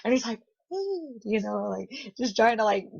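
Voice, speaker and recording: A young woman telling a story in a casual vlog, giggly and excitable, often breaking into laughter. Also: mid-range voice, fairly quick, gravelly, husky, highs cut off. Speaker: vlogger.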